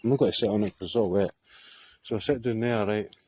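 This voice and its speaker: A man's voice: on the low side, fast, darkish tone, a little hiss or hum. A Scottish man telling a story to camera outdoors on a hillside, rambling, swearing freely and often laughing. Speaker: vlogger.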